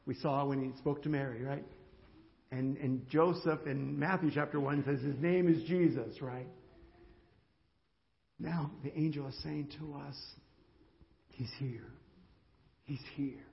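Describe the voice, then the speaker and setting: An older man preaching a sermon in a church, emotional, swinging between loud emphasis and hushed, near-whispered lines. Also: fairly high pitch, steady tone, measured pace, vocal fry. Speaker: pastor. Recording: dull hall recording with reverb.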